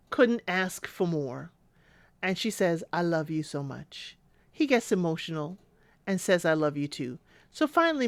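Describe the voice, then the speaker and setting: A woman's voice: medium pitch, no room sound. Chatty woman recapping a dating show. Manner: chatty, animated, acts out quotes. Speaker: recap vlogger. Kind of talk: casual episode recap.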